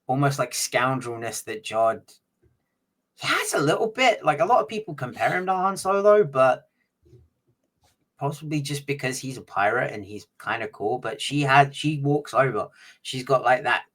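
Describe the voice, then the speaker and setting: A man in casual podcast chat, speaking loosely and filling gaps as he goes. He lobs playful, teasing questions at his co-host. His voice sits in an ordinary middle pitch. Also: expressive, normal speed, fairly bright tone. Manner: chatty, uses many fillers, teasing questions.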